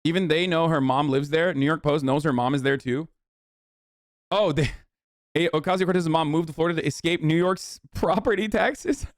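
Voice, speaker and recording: A man's voice: on the high side, normal speed, dry recording, studio quality. A man casually riffing as a streamer, reacting to posts with mocking, profane commentary.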